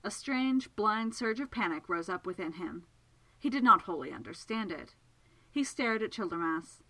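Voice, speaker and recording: A woman narrating a novel in an expressive storytelling manner. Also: medium pitch, moderate pace, rough recording. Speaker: audiobook narrator. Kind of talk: scripted narration.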